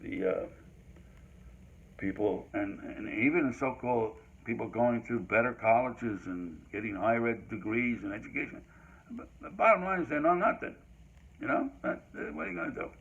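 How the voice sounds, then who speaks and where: A man's voice: mid-range voice, lively intonation, moderate pace, a bit bright, husky. An older man hosting a history talk, giving a rambling solo monologue full of fillers and restarts. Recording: dull lo-fi recording.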